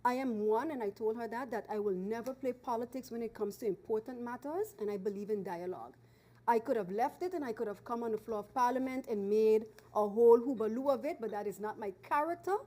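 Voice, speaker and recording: A woman member of parliament, giving an earnest formal speech from a desk microphone in the chamber, slowing down and repeating phrases for emphasis. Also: on the high side, dark tone. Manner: earnest, emphatic, stresses key phrases slowly and repeats for force.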